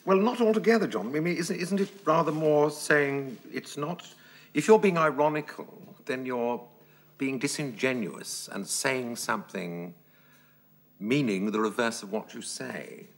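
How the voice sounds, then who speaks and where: A man's voice: medium pitch, measured pace. A man, an actor, raising hedged objections and quibbling over definitions with his teacher. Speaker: actor in a masterclass. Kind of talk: argumentative discussion.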